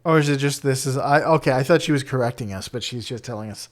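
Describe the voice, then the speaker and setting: A man co-hosting a podcast in loose, casual chat. His voice sits at an ordinary middle pitch, and he laughs easily and now and then stumbles over hard words. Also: fast. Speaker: podcast co-host.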